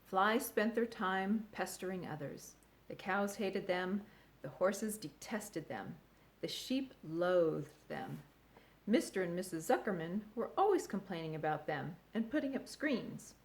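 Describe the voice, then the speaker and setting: A woman reading a children's book aloud in an expressive, animated way. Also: medium pitch, a little slow. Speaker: storyteller.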